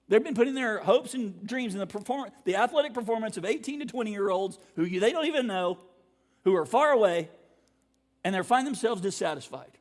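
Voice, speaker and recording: A man with a notably high voice preaches a sermon in a relaxed, conversational way, often clearing his throat between thoughts. His voice carries a long reverb that rings out through the church sanctuary. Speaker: pastor.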